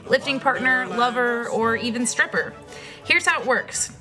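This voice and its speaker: A woman reading a scripted promo in a playful, punchy delivery. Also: on the high side. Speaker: ad narrator. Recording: voice over music.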